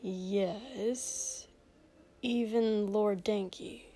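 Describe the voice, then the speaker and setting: A woman's voice: medium pitch, steady tone, takes it slowly, a little mellow. Woman doing a hungover, grumbling young prince. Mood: grumpy. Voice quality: hoarse, whispery. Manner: sullen, muttering.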